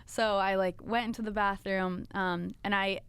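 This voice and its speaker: A woman's voice: medium pitch, fairly even intonation, normal speed, fairly bright tone, smooth, no echo. A woman in her twenties telling her story as a podcast guest, chatty, with many "like" fillers. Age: 20s. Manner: chatty, full of "like" fillers, acts out quoted voices. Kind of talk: casual storytelling in a podcast interview.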